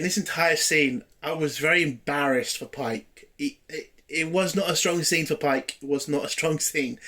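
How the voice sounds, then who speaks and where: A man's voice: a little high, pushed and bright. A man giving a casual spoken review of a TV episode, blunt and exasperated, swearing freely.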